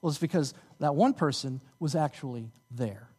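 A man preaching a sermon as pastor, animated and rising to emphatic peaks. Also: medium pitch, moderate pace, husky, big-room sound.

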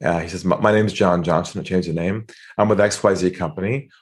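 A man's voice: low-pitched, steady tone, fast talker. A man, a sales coach guesting on a podcast, telling stories and acting out phone calls in shifting voices. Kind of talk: storytelling interview talk.

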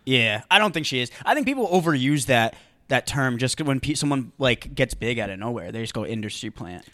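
An easygoing young man co-hosts a podcast with a bright voice. He agrees readily and jokes along. The recording is dry and close. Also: medium pitch, animated, fairly quick, no echo. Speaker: podcast co-host. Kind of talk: casual chat.

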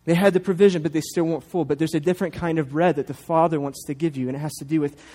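A man pastor in his thirties gives a sermon with the animated, playful touch of a storyteller. His voice sits a little higher than most men's, and he keeps leaning on quick asides to the congregation.

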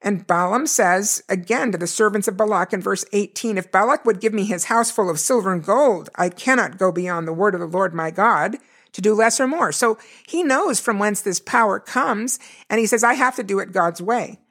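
Relaxed woman teaching a scripture lesson. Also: medium pitch, moderate pace. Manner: relaxed and explanatory, reads verses aloud, with frequent asides.

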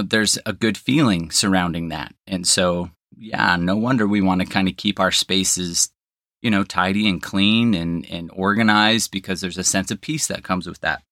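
A man's voice: sits low, bright, forceful tone, no echo, clean studio sound. A man hosting a solo podcast, explaining ideas in a conversational counselor's way, often checking in with "right?" and the odd "um". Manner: conversational, frequent "right?" and "um" fillers.

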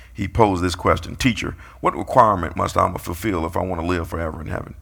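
A man's voice: low-pitched, fast talker, gravelly, a bit bright, breathy edge. A man preaching a sermon, playfully calling out his congregation and acting out quotes.

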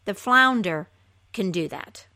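A woman's voice: medium pitch, lively intonation, takes it slowly, bright, forceful tone, full character voice. A woman voicing a greedy fisherman's wife who talks in a demanding, impatient way.

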